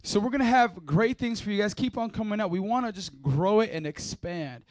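A man's voice: high-pitched, fairly quick, no echo. A man leading a church service as pastor, joking and playful, firing up the crowd into a mic. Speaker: youth pastor. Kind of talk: energetic church service talk. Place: church hall.

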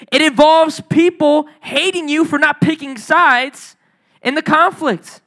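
A man's voice: very high voice, fairly bright tone. A man preaching a sermon in a loose, slangy storytelling way, acting out the people in his stories. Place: church hall.

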